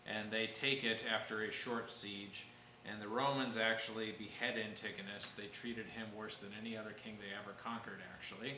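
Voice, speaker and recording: A man's voice: on the low side, fairly even intonation, fairly quick, reverberant, background noise. A man teaching a church history class, explaining events patiently and answering questions from his students.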